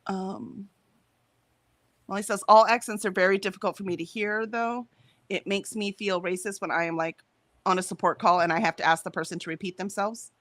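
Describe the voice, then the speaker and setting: A woman's voice: mid-range voice, fairly even intonation, moderate pace, dry recording. An American woman co-hosting a livestream in casual chat, reading out viewer comments and laughing often. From United States. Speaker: livestream co-host.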